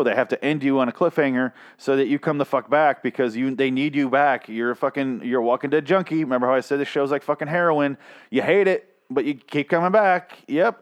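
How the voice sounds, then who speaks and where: A man giving a casual, profane TV recap, rambling and sarcastic, often stumbling over his words. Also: mid-range voice. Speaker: TV show recap host.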